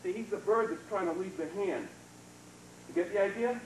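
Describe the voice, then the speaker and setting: High-voiced man teaching karate in echoey hall. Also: moderate pace. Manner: casual, demonstrative, chuckling, coaching with short praise. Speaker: karate instructor. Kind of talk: hands-on martial arts seminar teaching. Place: training hall. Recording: echoey hall, distant mic, noisy 1990s video.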